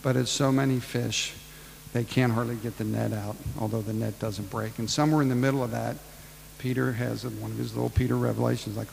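A man with a gravelly voice preaches in a loose, storytelling way, ad-libbing and slipping into quick voices for the people in the tale. His voice rings through a long echoey hall with a faint hiss of noise under it. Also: mid-range voice, little pitch movement, darkish tone. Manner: casual, ad-libbing retelling with acted-out voices. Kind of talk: storytelling sermon.

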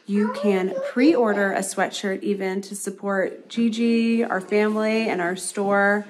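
A woman's voice: medium pitch, fairly even intonation, unhurried, background noise. A woman hosting a family vlog, earnestly thanking viewers and announcing merchandise. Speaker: YouTube host.

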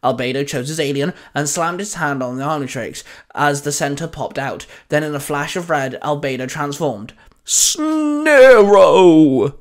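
A man narrating a fan fiction story, reading it aloud in a steady storytelling manner. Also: on the high side, normal speed, hardly any pauses. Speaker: fanfiction narrator.

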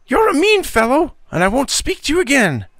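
A man's voice: medium pitch, sing-song, normal speed, a bit bright, no echo, studio quality, pitched above the performer's own voice. A man playing a sulky, touchy little boy. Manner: whiny and indignant.

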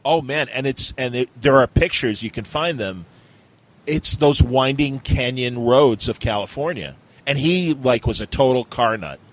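A man co-hosting a comics podcast, chatting casually and telling stories with quick voice impressions. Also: mid-range voice, rough recording. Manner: animated storyteller who slips into quick impressions. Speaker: podcast co-host. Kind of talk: casual chat.

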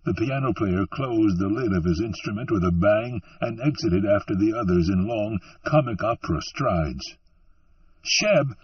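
Male audiobook narrator, deep voice, husky, dry, muffled and distant. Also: moderate pace, hardly any pauses, no echo. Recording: dull, distant lo-fi recording.

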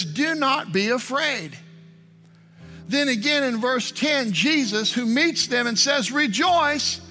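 Bright high-voiced preaching pastor. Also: male voice. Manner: earnest preaching with prayerful asides. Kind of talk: sermon. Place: church. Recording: online service stream with music.

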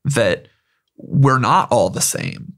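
A man co-hosting a casual book discussion, giving thoughtful, measured commentary. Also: medium pitch, lively intonation, fairly bright tone. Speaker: podcast co-host.

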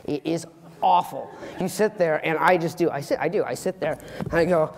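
A teenage boy giving an earnest, animated student talk on stage, with comic asides. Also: on the high side, moderate pace, vocal fry, long reverb tail. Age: teens. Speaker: student speaker. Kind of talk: youth public talk. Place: auditorium stage.

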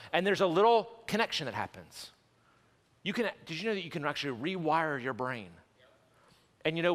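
A male pastor preaching a sermon in a church sanctuary, animated and conversational with quick restarts and jokes. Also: on the high side. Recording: long church hall reverb.

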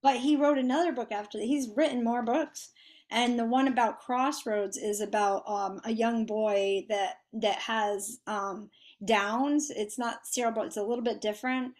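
A woman's voice: on the high side, steady tone, moderate pace, a little mellow. A woman hosting a casual faith conversation, chatty, with many fillers and restarts. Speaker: podcast host.

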